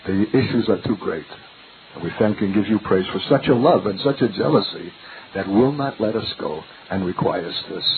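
A man's voice: fairly low pitch, expressive, moderate pace. An older man preaching a sermon in an earnest, searching way, full of rhetorical questions. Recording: tinny lo-fi recording with faint hiss.

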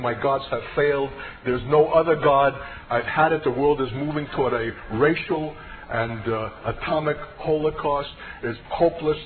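A man's voice: mid-range voice, background noise. Impassioned man on a tinny radio broadcast. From United States. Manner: impassioned, emphatic storytelling. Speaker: preacher giving his testimony. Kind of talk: personal testimony sermon.

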